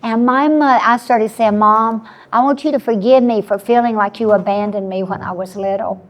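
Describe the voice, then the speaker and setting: Seventies woman, panel guest, earnest storyteller, a bit high-pitched. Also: fairly even intonation, moderate pace. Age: 70s. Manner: earnest storytelling with frequent restarts. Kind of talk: personal testimony on a panel.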